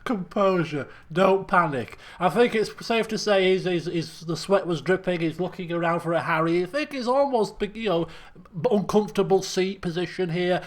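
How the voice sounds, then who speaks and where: Excitable let's-play commentator. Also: male voice, high-pitched, normal speed. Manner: excitable, exclamatory, laughing asides. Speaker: gameplay commentator.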